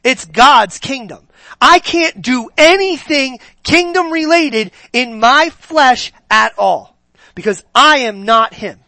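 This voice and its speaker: A man's voice: extremely high pitch, expressive, takes it slowly, sharp tone, dry recording. A man preaching a sermon, emphatic and throwing rhetorical questions at his congregation.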